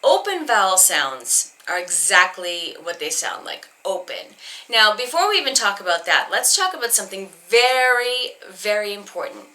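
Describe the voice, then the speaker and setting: A woman's voice: medium pitch, sing-song, normal speed, bright, forceful tone. A woman from Boston teaching a recorded singing lesson, talking in a chatty, explanatory way with plenty of ums and restarts while keeping her accent neutral. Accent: neutral American, trying to hide a Boston accent. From Boston, northeastern United States.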